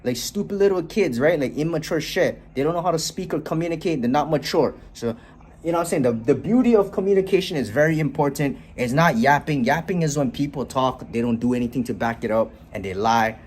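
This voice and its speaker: A young man with a slightly high, husky voice rants bluntly at his viewers, swearing freely and tossing in "right?" after nearly every point. It comes across as a casual motivational vlog. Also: animated, fairly quick, a little mellow. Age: young adult. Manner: blunt, profane, repeats "right?" often. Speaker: motivational vlogger. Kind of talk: casual motivational rant to camera. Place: bedroom, then walking outdoors on a street.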